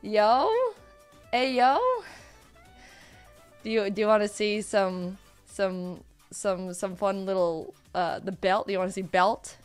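A woman streaming live in casual chat, hoarse and worn out, giggly and excitable, often repeating herself. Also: medium pitch, slow, soft background music.

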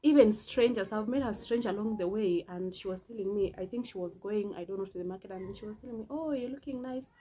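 A woman's voice: medium pitch, quick pace, few pauses, warm tone, slightly rough, poor audio. A woman in her early twenties talking earnestly in a casual vlog, often repeating herself for emphasis. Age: early 20s. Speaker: vlogger. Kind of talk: casual personal vlog talk.

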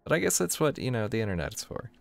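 A man's voice: medium pitch, sing-song, racing, vocal fry, slight background noise. A man giving casual, rambling commentary while playing a video game, with self-deprecating asides, reading game dialogue aloud in his own voice. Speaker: let's play gamer.

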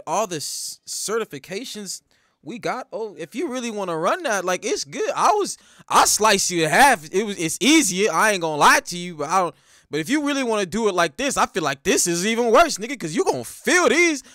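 Man doing a trash-talking knight boss, slangy, laid-back menace, high bright voice, dry close sound. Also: sing-song, fairly quick, no room sound, exaggerated voice. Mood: taunting. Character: cold unstoppable knight boss taunting a fighter.

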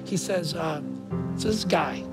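A man preaching a sermon to his congregation, energetic and emphatic, asking them rhetorical questions. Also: on the high side, unhurried, over loud music. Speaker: pastor. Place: church auditorium.

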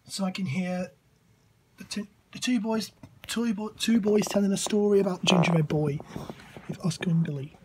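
A woman giving a casual, halting introduction to a story, stumbling over her words. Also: mid-range voice, fairly even intonation, noisy background.

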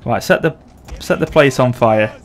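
A man's voice: medium pitch, moderate pace, a little hiss or hum. A man in his thirties hosting a casual, jokey multiplayer game session, laughing often. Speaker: gaming channel host. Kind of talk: casual multiplayer gameplay chat.

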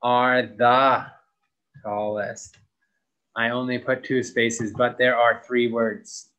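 A young adult man teaching an English grammar lesson, slowly stretching out key words as he models them for students. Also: mid-range voice, little pitch movement, sharp tone, low-quality recording.

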